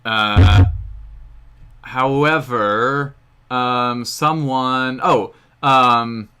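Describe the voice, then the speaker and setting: A man's voice: medium pitch, fairly even intonation, drawn-out words, background noise. An American man hosting a casual live-stream Q&A, rambling with many fillers and frequent chuckles. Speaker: history channel host.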